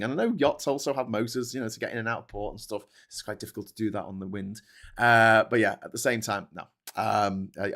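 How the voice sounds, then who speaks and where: A man's voice: mid-range voice, fairly bright tone. Sweary ranting man. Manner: sweary, ranting, laughs often. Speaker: host. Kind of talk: livestream chat reading viewer comments. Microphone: desk microphone.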